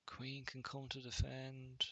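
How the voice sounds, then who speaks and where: A man casually commentating on his own chess game, thinking aloud in a relaxed, musing way. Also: mid-range voice, slow pace, no room sound. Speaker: chess streamer.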